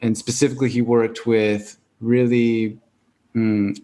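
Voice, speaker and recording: A man's voice: mid-range voice, level tone, a little slow, mellow. A man hosting a podcast interview, reflective and thoughtful, summing up what his guest says. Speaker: podcast host. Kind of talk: conversational interview.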